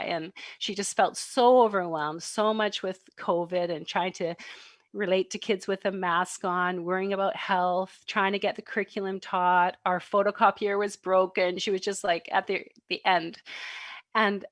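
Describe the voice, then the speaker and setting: A woman's voice: medium pitch, no room sound. A middle-aged woman giving an online parenting talk, telling personal stories with laughter and acted-out quotes. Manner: animated, laughs and acts out quoted voices. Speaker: parenting workshop presenter. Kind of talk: warm storytelling talk to an online audience. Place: home, online livestream. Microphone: computer mic on a video stream.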